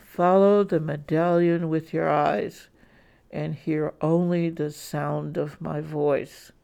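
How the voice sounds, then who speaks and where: A woman voicing a cold, controlling masked hypnotist who speaks slowly and commandingly through a muffled voice. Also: low-pitched, gravelly, mellow, full character voice.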